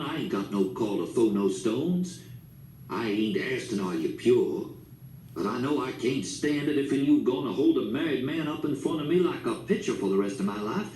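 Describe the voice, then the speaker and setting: A man's voice: mid-range voice, a little mellow, lightly acted. A man voicing a stubborn old storekeeper who talks bluntly in folksy dialect. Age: older. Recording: echoey room, distant mic, faint hiss.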